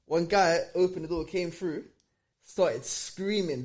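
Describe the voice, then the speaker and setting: A young man chatting on a podcast, telling a quick, vivid anecdote. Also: high-pitched, a little mellow. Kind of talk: casual podcast chat.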